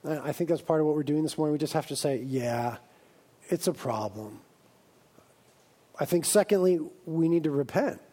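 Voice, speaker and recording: A man preaching a sermon as a pastor, lively and humorous, acting out exaggerated voices of his listeners. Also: a little high, fast talker, hardly any pauses. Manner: animated, acts out comic voices of his congregation.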